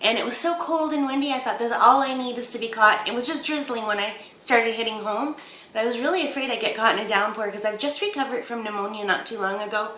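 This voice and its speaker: A woman's voice: on the high side, fast talker, sharp tone, echoey room, slight background noise, poor audio. A woman in her fifties chatting casually to camera at home as a vlogger, rambling through her week in an easy, talkative way. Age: 50s.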